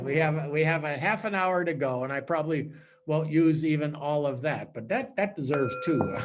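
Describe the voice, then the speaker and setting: Higher-pitched man giving a sermon. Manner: animated storytelling with acted-out quotes and sound effects; repeats words and restarts mid-sentence. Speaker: priest giving a talk. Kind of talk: spiritual teaching talk.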